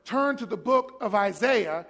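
A man's voice: high-pitched, expressive, a little slow, a bit bright. A pastor chatting and telling stories animatedly, often stumbling over his words. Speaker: pastor, co-host. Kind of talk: casual chat, storytelling. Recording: long hall reverb.

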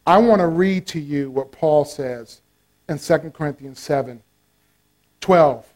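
A man preaching a sermon with passion, repeating key lines and swinging between shouts and hushed tones. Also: on the high side, measured pace.

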